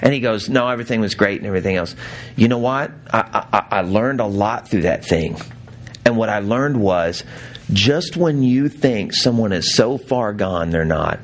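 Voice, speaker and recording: A man's voice: fairly low pitch, lively intonation, normal speed. A man preaching a sermon, telling stories with laughs and acting out quotes. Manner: storytelling with laughs and acted quotes. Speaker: pastor.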